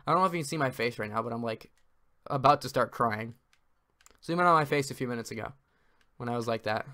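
A man doing let's-play commentary, frantic and exasperated, ranting and yelling at the game as he plays. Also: medium pitch, fast talker. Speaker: gaming video creator.

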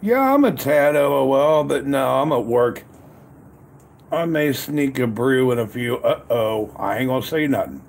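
A medium-pitched, gravelly male voice, animated but measured in pace, belongs to a livestream host cooking at an outdoor grill in the cold. He greets his chat viewers by name repeatedly, using the same cheerful catchphrases.

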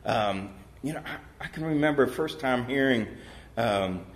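A male pastor preaching a sermon in a church, telling a parable with lively changes of voice and rhetorical questions to the congregation. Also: measured pace. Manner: animated storytelling, voicing parable characters with pitch jumps. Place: church sanctuary.

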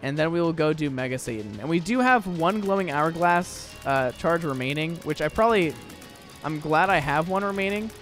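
A man's voice: a little high, animated, moderate pace, a bit bright, soft background music. Chatty young man narrating a game. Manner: rambling, chatty, lots of fillers and restarts. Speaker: gaming YouTuber. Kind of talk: casual gameplay commentary.

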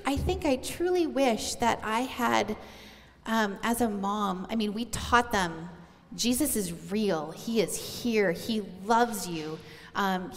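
Middle-aged woman, earnest conversational preacher addressing moms, voice ringing in a big hall. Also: a little high. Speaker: pastor's wife sharing on stage. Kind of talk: conversational sermon. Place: church auditorium. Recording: long church hall reverb.

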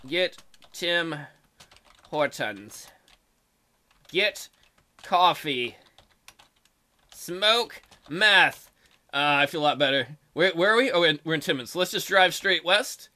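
A man's voice: high-pitched, pushed and bright. A man hosting a let's play video, joking crudely and reading game text aloud, with keyboard typing behind him. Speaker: gaming video host. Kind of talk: casual let's play commentary.

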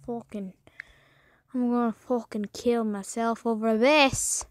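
High-voiced foul-mouthed woman gamer. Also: fairly even intonation, slow pace, no room sound. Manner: profane, raging outbursts and shrieks. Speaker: gaming YouTuber. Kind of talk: gameplay commentary.

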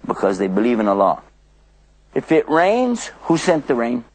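An older man preaching to children, telling lively stories and acting out little scenes in different voices. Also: medium pitch, moderate pace, noisy background. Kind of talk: children's religious storytelling lecture.

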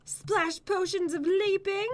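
Very high-pitched, squealing woman gamer. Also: slow pace. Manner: squealing, playful, excitable. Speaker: co-host playing a video game. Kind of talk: casual gaming commentary.

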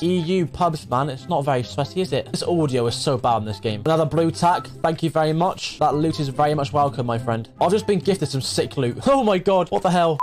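A young man giving live commentary over his own gameplay, swinging from muttering to excited shouts. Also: a little high. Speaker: gaming streamer.

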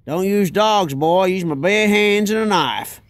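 A man's voice: high voice, a little slow, no echo, voice pushed up. A man putting on a bragging hunter. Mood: boastful. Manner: drawling, bragging, tall-tale telling. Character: boastful big Texan hunter man, swaggering.

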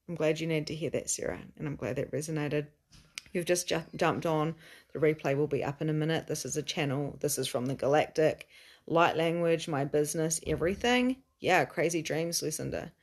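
A middle-aged woman, speaking casually to her viewers as a spiritual coach. She talks earnestly, swears now and then, laughs often, and swings between slow emphatic statements and excited bursts. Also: low voice. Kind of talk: casual live stream to viewers.

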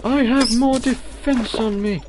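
A man giving casual gameplay commentary on a headset, excitable, breaking into loud exclamations and talking back to enemies on screen. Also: very high-pitched, measured pace, slightly rough. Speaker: video game let's player. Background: game music.

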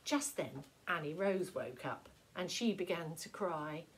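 A woman primary school teacher reading a picture book aloud to young children, with slow, expressive storytelling. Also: lowish voice, slight background noise, rough recording.

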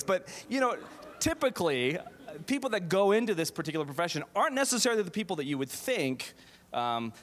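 A slightly high, somewhat bright male voice belongs to a middle-aged theater professor giving a humorous keynote at his own expense, peppered with fillers and false starts. The recording, made in a large auditorium, has echoey hall reverb.

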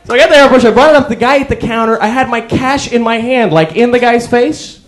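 A young man performing a stand-up comedy set, telling wry stories with sudden yells. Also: very high voice, fast talker. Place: comedy club stage before a live audience. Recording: crowd laughter behind. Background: audience laughter.

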